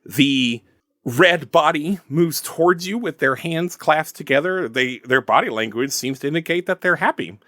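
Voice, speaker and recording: A man's voice: fairly high pitch, moderate pace, bright, forceful tone, dry recording, clean studio sound. A man narrating a tabletop role-play game as game master, chatty and joking with asides to the audience. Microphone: headset-style desk mic.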